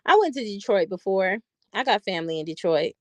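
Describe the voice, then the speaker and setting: A woman's voice: medium pitch, animated, a little fast, a little mellow, dry recording. A woman hosting her own vlog, telling loose, profane stories in a casual, chatty way with laughing asides. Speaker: vlog host. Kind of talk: casual storytelling monologue.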